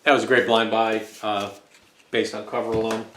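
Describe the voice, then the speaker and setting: A man's voice: lowish voice, moderate pace, slight background noise. A man from the United States rambling casually about the records he collects, with lots of fillers. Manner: rambling and relaxed, with frequent fillers. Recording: echoey room.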